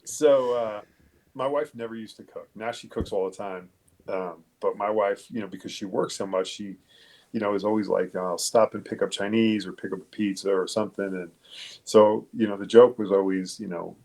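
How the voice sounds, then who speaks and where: A police detective telling a personal story in a halting, candid way, swearing casually. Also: male voice, lowish voice, steady tone, a little mellow. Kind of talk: conversational storytelling.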